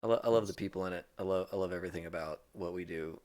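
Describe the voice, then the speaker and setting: A man sorting through a giveaway list on a charity gaming stream talks with great enthusiasm, laughing frequently. He has a deep, darkish voice and races along.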